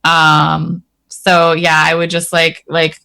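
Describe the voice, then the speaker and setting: Bright-voiced woman player, wry. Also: low voice, completely flat delivery, slow pace, gravelly. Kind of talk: casual tabletop play.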